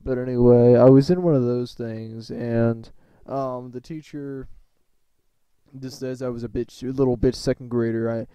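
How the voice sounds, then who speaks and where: Male vlogger, casual rambling storytelling with heavy swearing, mellow smooth voice, even delivery. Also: medium pitch, moderate pace, no echo.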